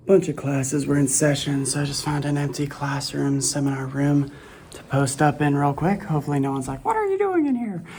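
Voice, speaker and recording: A man's voice: mid-range voice, monotone, normal speed, a little mellow. A man in his twenties hosting a casual gaming vlog, chatty and nostalgic as he looks around his old campus. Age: 20s. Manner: nostalgic, laid-back and chatty. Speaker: gaming vlogger host. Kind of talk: casual walking vlog narration.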